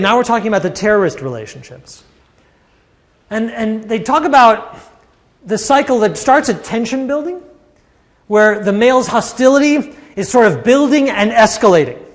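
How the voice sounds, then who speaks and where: A man giving a university lecture in a classroom, animated and acting out the quoted voices. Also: sits high, in a large hall. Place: lecture hall.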